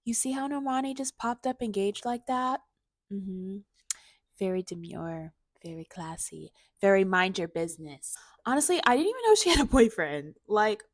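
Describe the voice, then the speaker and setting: A woman's voice: mid-range voice, dry recording, studio quality. A woman chatting casually with a playful, sassy manner. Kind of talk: casual chat.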